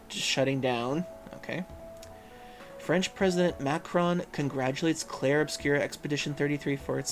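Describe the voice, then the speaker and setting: A man hosting a livestream in casual chat, reading viewers' messages aloud and musing with frequent hums and fillers. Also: mid-range voice. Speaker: livestream host.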